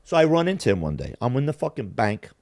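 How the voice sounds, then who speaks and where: A man's voice: medium pitch, quick pace, gravelly. A man telling a story in casual, profane chat, acting out what the people in it said. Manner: profane, animated, acts out quotes. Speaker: podcast host.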